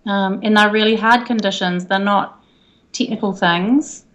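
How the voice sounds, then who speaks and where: A woman with a New Zealand accent, a guest talking through a video call in a relaxed, thoughtful way. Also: medium pitch, a little slow. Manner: thoughtful, relaxed, some fillers. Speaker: guest, senior safety executive. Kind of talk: casual interview.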